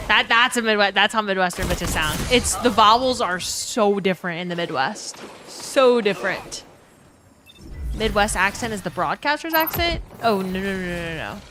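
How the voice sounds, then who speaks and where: A woman's voice: mid-range voice, animated, moderate pace, over music. A woman from New Orleans streaming a game, chatting casually with viewers, reading chat aloud and swearing freely into a desk mic. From New Orleans, USA.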